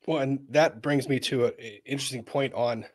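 A man's voice: mid-range voice, fairly even intonation, a little fast. A man hosting an interview, retelling a story in a rambling, chatty way and laughing as he talks. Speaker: interview host. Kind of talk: conversational interview.

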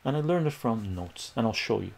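A man's voice: on the low side, animated, a little fast, gravelly, darkish tone, a little hiss or hum. A man on a livestream, telling a rambling personal story and chatting casually with viewers. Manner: rambling, acts out quoted voices, chats with viewers. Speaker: livestream math tutor.

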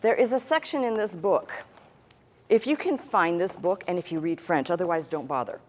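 Low-voiced woman pastor teaching a sermon. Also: expressive, normal speed, a little mellow, a little hiss or hum. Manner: conversational teaching with asides and dry humor; demonstrates with a pen on a tablet.

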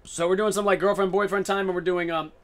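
A man's voice: high voice, steady tone, fast talker, a bit bright. A man streaming a video game live, chatting casually and playfully with a running, jokey commentary.

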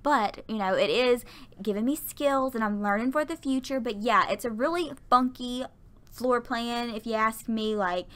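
A woman's voice: medium pitch, fairly bright tone. Chatty woman rambling. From American South. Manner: chatty, rambling, stumbles over words. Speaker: Sims YouTuber. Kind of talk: casual gameplay voiceover. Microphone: home voiceover mic.

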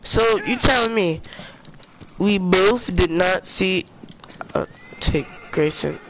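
Young guy gaming, high voice, slow talker, hollers at the screen, loud game noise behind. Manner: excitable, trash-talking slang, yells at the game. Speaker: streamer. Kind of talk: casual gaming commentary. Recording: noisy game sound underneath.

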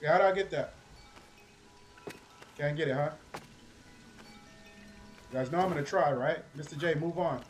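Chatty gamer guy streaming, excitable, a bit high voiced, curses at enemies. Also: moderate pace, pauses often, slight background noise. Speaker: gaming streamer. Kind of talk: casual gameplay commentary.

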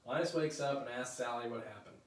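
A man reading a children's picture book aloud, with lively, chatty asides between passages. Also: mid-range voice, fast talker. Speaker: story reader. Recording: roomy echo, mic at a distance.

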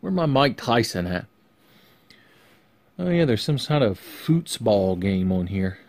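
A man's voice: on the low side, very animated, slow pace, a little mellow. Sarcastic, swearing man unboxing at home. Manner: sarcastic, profane, rambling. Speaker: vlogger. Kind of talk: casual unboxing vlog. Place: his bedroom. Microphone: camera balanced on his face.

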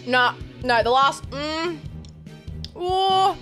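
A young woman streaming a game while eating hot sauces, excitable, often squealing and laughing. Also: high-pitched, moderate pace, faint music behind. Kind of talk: gaming hot sauce challenge.

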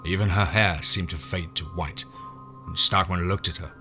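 A man reading a western horror story aloud in first person, steady and dramatic. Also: sits low, normal speed, music in the background. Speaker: narrator.

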